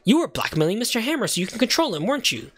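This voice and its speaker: A man's voice: sits high, very animated, rapid-fire, fairly bright tone, voice pushed up, exaggerated voice. A man voicing an earnest young male defense lawyer in a video game, firm and accusing.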